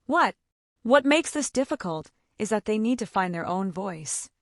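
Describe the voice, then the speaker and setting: A woman's voice: medium pitch, expressive, normal speed, no room sound, studio quality. A mother of autistic children giving casual advice, chatty and full of "like", acting out the conversations she describes. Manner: chatty, fills speech with "like", acts out quoted dialogue.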